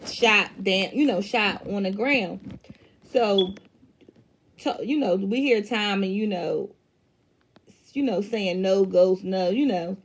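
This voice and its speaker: A woman's voice: medium pitch, a little hiss or hum. A woman recapping a TV episode in casual, emphatic talk, swearing freely and using many fillers. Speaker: TV show reviewer.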